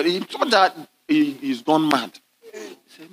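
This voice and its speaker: A man's voice: moderate pace, fairly bright tone. A male bishop preaches a sermon to his congregation in a large church hall. His voice sits a touch above the usual male range, and he calls out and waits for the crowd to answer. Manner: call-and-response preaching, drops to low murmurs at times.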